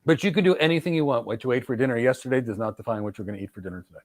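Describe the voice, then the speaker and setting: A man's voice: mid-range voice, very fast, darkish tone, dry recording. Emphatic middle-aged man giving advice. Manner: emphatic, repetitive, lecturing with direct address. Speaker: podcast host and cloud architecture mentor. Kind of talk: energetic advice talk.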